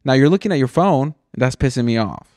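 A man's voice: mid-range voice, animated, fast, darkish tone, no echo, clean studio sound. A man from Mexico, a podcast host, telling a rambling story in casual chat, swearing and saying "dude" a lot. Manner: rambling and profane, says "dude" often.

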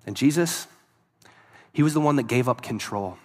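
A man's voice: medium pitch, normal speed. A man preaching a sermon, telling a story in an earnest voice that swells and drops for emphasis. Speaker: pastor.

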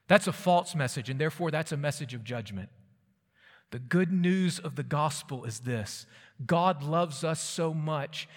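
A man preaching an earnest expository sermon, quoting scripture with emphasis. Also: a little high. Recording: long reverb of a large hall.

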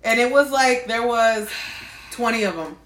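A woman's voice: fairly high pitch, lively intonation, normal speed, fairly bright tone, reverberant. A woman co-hosting a podcast, joining the story in casual chat and adding details. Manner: chimes in, adds details, casual swearing. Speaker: podcast co-host.

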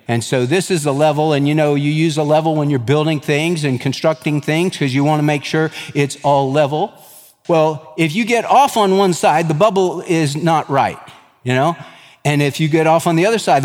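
A man's voice: on the high side, long reverb tail. A man preaching a sermon as pastor, reading scripture aloud and explaining it with folksy, everyday asides.

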